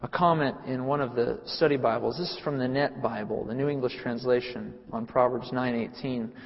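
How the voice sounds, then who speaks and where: A man's voice: mid-range voice, steady tone, fairly quick, vocal fry, husky. A man preaching a sermon, earnest and emphatic, who repeats phrases for weight. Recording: reverberant hall, muffled sound.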